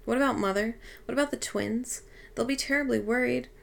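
A woman's voice: fairly high pitch, fairly quick, creaky. Woman reader doing an anxious, plaintive girl, audiobook. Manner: plaintive, worried. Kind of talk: audiobook reading.

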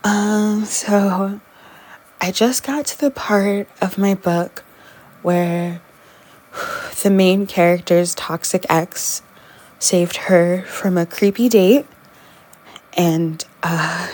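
A woman performing an intimate audio role-play, talking in a soft, teasing way with frequent giggles. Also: lowish voice, steady tone, slow.

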